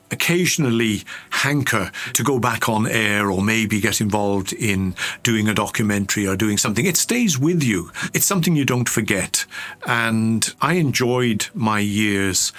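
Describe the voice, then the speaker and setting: A man's voice: fairly low pitch, fairly bright tone. A man, a former radio presenter, talking steadily and earnestly about what radio gave him.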